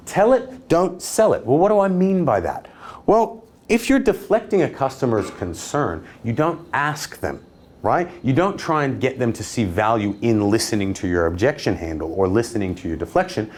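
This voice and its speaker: Animated, confident male sales trainer. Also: mid-range voice, normal speed, slight background noise. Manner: confident, animated, uses downward inflection and cheeky humor. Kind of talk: instructional talk to camera.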